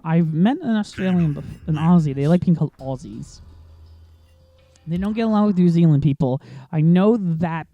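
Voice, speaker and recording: A man's voice: fairly high pitch, expressive, moderate pace, no echo, muffled recording. A man commentating casually over a video game he plays, rambling through tangents with many fillers and frequent laughs. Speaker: gaming commentator. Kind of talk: casual let's play commentary. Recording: faint game music behind.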